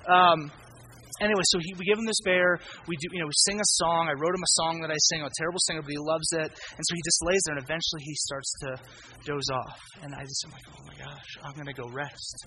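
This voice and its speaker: A young man preaching a sermon as pastor, telling stories with sudden swings between loud emphasis and hushed asides. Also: a little high, quick pace, a little hiss or hum, poor audio. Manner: lively storytelling with sudden loud and quiet turns.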